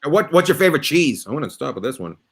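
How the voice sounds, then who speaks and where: A man's voice: on the high side, very animated, racing, fairly bright tone, husky. A man hosting a comedy panel game, teasing his guests with mock outrage. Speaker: host. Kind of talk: playful game-show banter.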